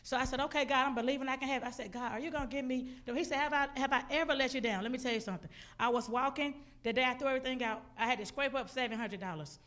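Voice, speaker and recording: Animated woman preaching a testimony. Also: high voice, rapid-fire, few pauses. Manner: animated storytelling, acts out her own outbursts. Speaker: guest speaker. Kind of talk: testimony sermon. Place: church sanctuary.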